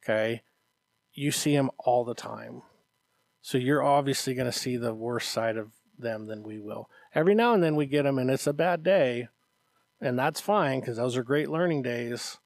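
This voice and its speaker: A man's voice: mid-range voice, normal speed, darkish tone, dry recording. A man co-hosting a casual podcast as a martial arts instructor, talking earnestly and encouragingly to parents and checking in with "Okay?". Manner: earnest and encouraging, acts out parents' voices, often adds "Okay?".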